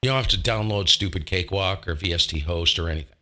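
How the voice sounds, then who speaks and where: A man with a rather low but strikingly bright voice hosts a laid-back radio hobby live stream. He talks close to a desk microphone, wandering through his thoughts with rhetorical questions and a self-deprecating streak. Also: fast talker. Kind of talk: casual live-stream talk.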